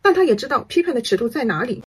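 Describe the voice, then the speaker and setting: A woman commentator picks apart her subject in a brisk, critical manner. She talks at a rapid clip. Her voice is very breathy and husky, and sits a little high. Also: very animated. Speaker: online commentator. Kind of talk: analytical commentary.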